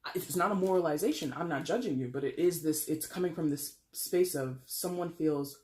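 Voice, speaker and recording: Blunt, animated tarot reader. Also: moderate pace. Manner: blunt and emphatic, laughs often and swears casually; animated, leaps in pitch for emphasis. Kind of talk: casual tarot reading monologue.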